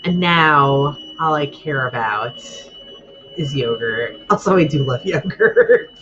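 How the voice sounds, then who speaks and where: An American woman with an extremely low-pitched voice gives rambling, chatty let's play commentary, talking to herself as she plays. She speaks slowly with lively intonation and a slightly bright tone, while the highs are cut off and there's slight background noise.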